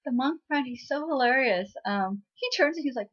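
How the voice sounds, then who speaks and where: A woman's voice: high-pitched, expressive, normal speed, few pauses, muffled recording. A woman vlogger casually retelling a drama episode, chatty and laughing, with many "um"s and "right?"s. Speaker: recap vlogger.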